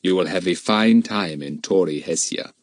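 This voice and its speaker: Suave foreign kidnapper boss, voiced by a man, slow and measured, coldly courteous, low-pitched, dry close sound. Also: big pitch swings, a little mellow, dry recording, exaggerated voice. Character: polite, commanding foreign man leading kidnappers.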